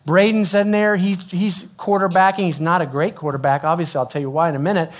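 A middle-aged man giving a sermon, an animated storyteller who drops to a hushed voice when quoting dialogue. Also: high voice, fast. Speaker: youth pastor.

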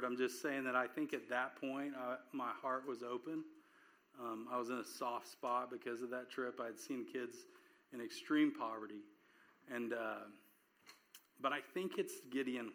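A man's voice: mid-range voice, pushed and bright. A man preaching in a conversational sermon, telling a personal story earnestly with frequent restarts.

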